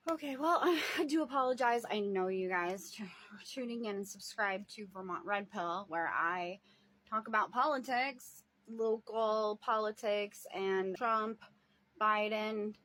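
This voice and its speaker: Woman, casual video diary, rambling, sighs and laughs, slightly high voice. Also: slow pace, a bit bright. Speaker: vlogger and family caretaker.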